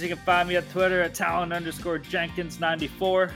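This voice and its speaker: A man's voice: high voice, little pitch movement, fast, fairly bright tone, soft background music. A man hosting a podcast in casual sports betting chat, loose, profane and hyped-up. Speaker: podcast host.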